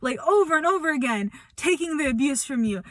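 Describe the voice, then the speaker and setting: Young woman, vlogger, blunt, confrontational, fairly high voice, bright. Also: animated, a little fast, no room sound. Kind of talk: personal update vlog.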